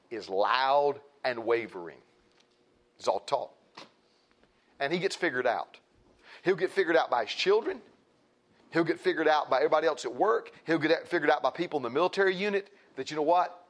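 A man's voice: a little high, animated, moderate pace, pauses often. A middle-aged man preaching a sermon as pastor, folksy and emphatic, with rising outbursts.

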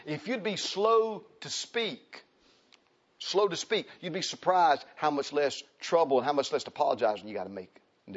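Folksy preacher man, lo-fi. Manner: folksy, animated, acts out quoted people in high voices. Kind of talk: sermon. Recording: dull lo-fi recording.

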